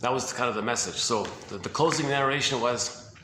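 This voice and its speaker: A man's voice: medium pitch, brisk, pushed and bright. Rambling man in an echoey room. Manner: rambling, restarts and fillers, thinking aloud. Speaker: video host. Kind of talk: casual lecture on psychology. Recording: roomy echo with faint hiss.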